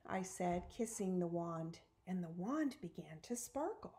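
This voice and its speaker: A woman narrating a children's picture book aloud. Her reading is clear and steady, with a mid-range voice. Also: mid-range voice, unhurried, hardly any pauses, slight background noise. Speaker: storybook reader.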